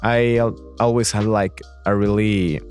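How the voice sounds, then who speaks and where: A young man with a Mexican accent hosts a casual podcast in English, his voice low. He rambles, filling gaps with "I mean" and "like". Soft music sits in the background. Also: little pitch movement, unhurried.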